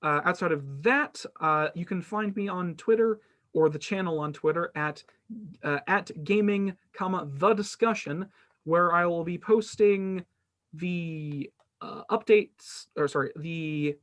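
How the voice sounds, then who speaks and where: A man's voice: high voice, measured pace, a bit bright. A man hosting a casual gaming podcast, rambling and self-deprecating, with lots of fillers and restarts. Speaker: podcast host.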